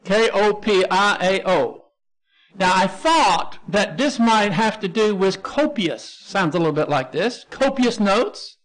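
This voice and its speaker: This pastor, who has a Texan accent, speaks in a high, expressive, unhurried voice with a fairly bright tone. Going word by word through a Bible lesson, he spells each Greek term letter by letter and frequently starts over mid-thought.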